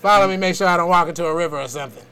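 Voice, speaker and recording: A man's voice: high voice, rapid-fire, sharp tone, clean tone, soft background music. A man hosting a podcast, talking animatedly, laughing often and swearing in casual chat. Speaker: podcast host.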